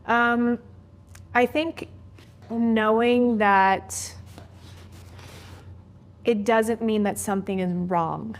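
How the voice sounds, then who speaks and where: A woman's voice: on the high side, fairly even intonation, drawn-out words, long pauses. A young woman in her twenties, a podcast guest, speaking thoughtfully and reflectively in a candid conversation.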